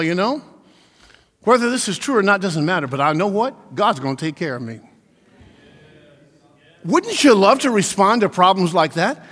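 A male pastor delivers an animated sermon, sliding into acted-out voices for the people he quotes. His voice sits high for a man. A long hall reverb trails behind every phrase.

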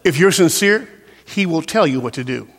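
Speaking at a moderate pace, an animated male pastor delivers a sermon in a strikingly high voice. His preaching surges into loud shouted peaks, then drops to hushed softness, all under a long sanctuary reverb.

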